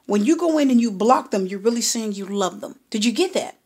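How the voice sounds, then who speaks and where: Emphatic husky woman reading tarot. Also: a little high, animated, brisk, darkish tone. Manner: emphatic, repeats herself, checks in with "okay?". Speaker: tarot reader.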